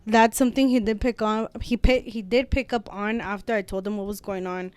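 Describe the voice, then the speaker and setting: Frank young woman, smooth dry voice. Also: mid-range voice, steady tone, fairly quick, dry recording. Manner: frank, swears freely, mixes in Spanish phrases. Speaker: guest. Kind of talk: casual heartfelt storytelling.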